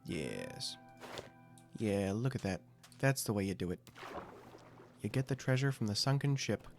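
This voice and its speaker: A man's voice: lowish voice, expressive, unhurried, music in the background. A young adult man giving casual gameplay commentary, thinking aloud with self-mocking asides. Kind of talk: casual let's-play commentary.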